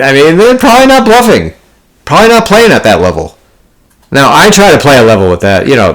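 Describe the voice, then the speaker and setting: A man's voice: mid-range voice, fairly bright tone. A man telling a poker story in a casual, blunt, profanity-heavy monologue, full of card jargon and rambling restarts. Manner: profane, blunt, exasperated ranting. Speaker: poker player vlogger.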